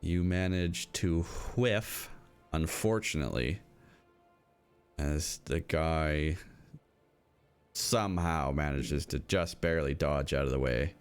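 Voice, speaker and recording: Deep, slow-talking man game master. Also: clear, resonant tone, faint music behind. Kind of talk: narrating a tabletop game.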